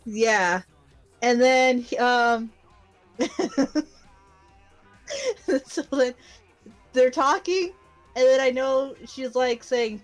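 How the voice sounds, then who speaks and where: A woman's voice: sits high, slow, long pauses, faint music behind. A young woman co-hosting a casual podcast, retelling an anime episode with lots of giggles and fillers. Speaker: podcast co-host recapping an anime. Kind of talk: casual chat.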